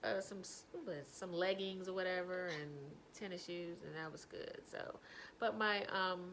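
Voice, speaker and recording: Animated woman laughing through a story. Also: medium pitch, slight background noise, rough recording. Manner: animated, breaks into helpless laughter, drops to whispers. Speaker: vlogger telling a personal story. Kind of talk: casual storytelling to camera.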